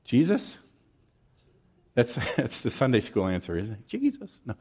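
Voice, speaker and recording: Male pastor, sermon delivery, unhurried, highly expressive pitch.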